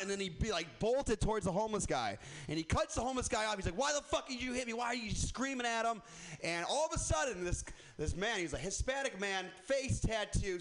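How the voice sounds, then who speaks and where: A man doing a rambling, self-deprecating stand-up set at an open mic, laughing at his own jokes. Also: high-pitched. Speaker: stand-up comedian. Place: comedy club open mic. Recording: faint background noise.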